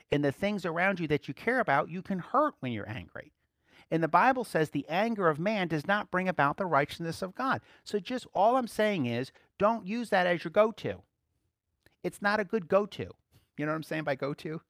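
A man's voice: high voice, fairly bright tone, dry recording, clean studio sound. A man preaching a sermon in a conversational way, often checking in with his listeners and rising to emphatic bursts. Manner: frequent rhetorical check-ins. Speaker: pastor.

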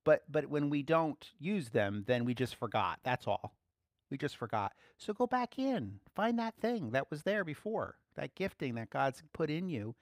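Animated, playful male preacher. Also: fairly high pitch, normal speed, no room sound, clean studio sound. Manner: animated and playful, laughs often. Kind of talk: casual spoken sermon.

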